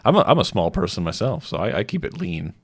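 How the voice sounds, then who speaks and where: A man's voice: low voice, fast talker, breathy edge. A man co-hosting a live stream, joking around and reading viewer questions from the chat. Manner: lively, jokey, reads questions from chat.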